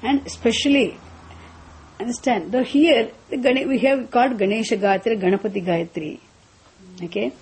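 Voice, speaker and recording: A woman teaching a class on Sanskrit mantras. She explains patiently, often repeats and restarts her phrases, and chants some lines slowly. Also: fairly high pitch, a little mellow.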